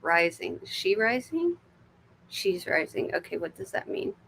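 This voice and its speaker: A woman's voice: medium pitch, sing-song, unhurried, gravelly, fairly bright tone, slight background noise. A woman with an American accent giving live intuitive card readings. She talks in a chatty, swearing way, laughing often and dropping to murmurs when she asks for messages. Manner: drops to murmurs and whispers when asking spirit. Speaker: intuitive reader.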